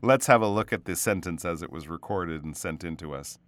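A man teaching English pronunciation in a casual spoken lesson, patiently explaining words and repeating them slowly. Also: low-pitched, fairly bright tone, dry recording.

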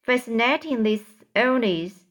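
A woman's voice: fairly high pitch, expressive, unhurried, fairly bright tone. A woman reading a storybook aloud and voicing a curious, eager small boy who stumbles over his words.

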